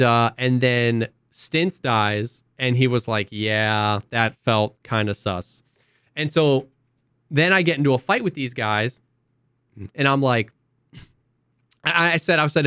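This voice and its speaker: A man's voice: medium pitch, smooth, dry recording, studio quality. A young man co-hosting a podcast, telling a story with lots of acted-out quotes and the odd cough. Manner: animated storyteller, acts out quotes, coughs now and then. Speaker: podcast co-host. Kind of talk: casual chat, storytelling.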